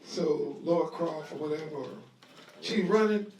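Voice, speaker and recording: A man teaching a Bible lesson to a live audience in a lively sermon style, talking conversationally, acting out scenes, and leading call-and-response. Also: on the high side, normal speed, slight background noise. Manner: conversational, acts out scenes with voices. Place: room at a live gathering. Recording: echoey live room audio, voice distant.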